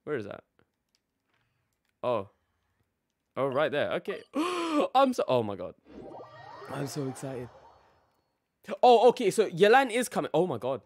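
A man's voice: mid-range voice, big pitch swings, measured pace, pauses often, darkish tone. A young man live-streaming a game, casually greeting his chat by name and laughing often.

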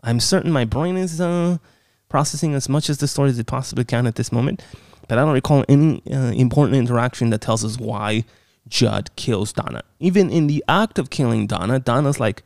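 A man's voice: mid-range voice, a little fast, vocal fry, darkish tone, no room sound, studio quality. A man recapping a horror film in a casual, sarcastic, exasperated way, swearing often.

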